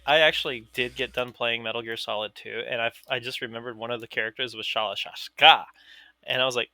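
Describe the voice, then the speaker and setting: A man's voice: medium pitch, steady tone, fairly quick, sharp tone, dry recording. A man co-hosting a podcast, teasing the others with profane casual banter.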